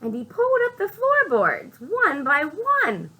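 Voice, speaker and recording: A woman librarian reading a picture book aloud to young children, speaking slowly and expressively, asking the children questions and whispering for suspense. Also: sits high, huge pitch swings, sharp tone, slight background noise, low-quality recording.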